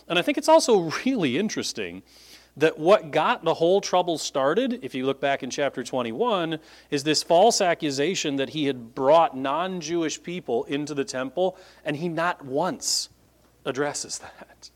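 A pastor giving a conversational Bible-teaching sermon to a congregation, explaining points and checking in with listeners by asking "right?" and "okay?". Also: male voice, fairly high pitch, lively intonation, normal speed. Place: church meeting room with a congregation.

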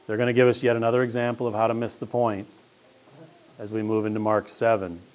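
Here a man with a lowish voice and flat delivery speaks at a quick clip while giving a sermon. A pastor and teacher, he spins casual stories that build to rising, emphatic questions.

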